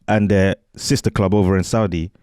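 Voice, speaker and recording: A man's voice: low voice, steady tone, brisk, darkish tone, smooth, no room sound, studio quality. A man, co-hosting a football chat show, quizzing and arguing back with a laugh. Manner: questioning, laughing, argumentative. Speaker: podcast co-host. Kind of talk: casual banter.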